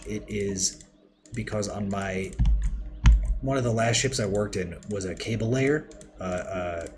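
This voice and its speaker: Deep voiced guy rambling on a game stream, clicky keyboard noise behind. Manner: rambling, chatty, talks to chat. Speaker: livestreamer. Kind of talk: casual game livestream commentary. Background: keyboard typing and mouse clicks.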